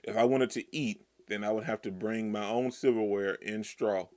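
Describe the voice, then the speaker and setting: A man reading the lines of a gentle old male Komodo dragon grandfather from a manga, quiet and even. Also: on the low side, moderate pace, natural voice. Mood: somber.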